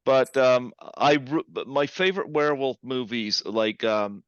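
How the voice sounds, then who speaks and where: A male podcast host with a low, resonant voice asks his questions haltingly, with many fillers. The recording is dry and a little dull-sounding. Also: a bit bright, smooth, no echo. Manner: hesitant, filler-heavy. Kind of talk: interview.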